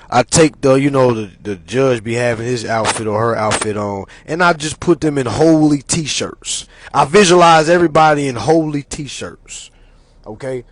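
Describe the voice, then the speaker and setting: A man's voice: mid-range voice, a little hiss or hum. A man hosting his own channel, telling a story in a casual monologue and acting out the other people in it. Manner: animated, acts out other people's voices. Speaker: channel host.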